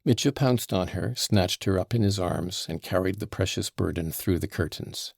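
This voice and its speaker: A man narrating a classic novel as an audiobook, in a measured, even storytelling manner. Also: sits low, gravelly, no room sound, clean studio sound. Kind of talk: scripted narration.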